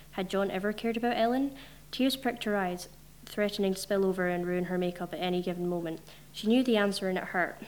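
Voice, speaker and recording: A woman reading her own short story aloud, steady, with small slips and restarts. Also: medium pitch, a little hiss or hum. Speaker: story reader.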